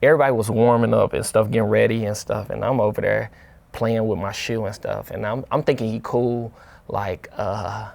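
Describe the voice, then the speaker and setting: A young man from the St. Louis area, talking casually as an interview guest in a relaxed, colloquial way with many fillers and restarts. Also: fairly low pitch, normal speed, gravelly. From St. Louis area, USA. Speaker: interview guest, football player.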